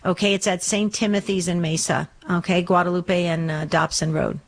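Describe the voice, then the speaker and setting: A woman's voice: on the low side, steady tone, normal speed, a little hiss or hum. A woman hosting a faith call-in radio show, talking earnestly and rambling with lots of ums and restarts. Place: Arizona studio.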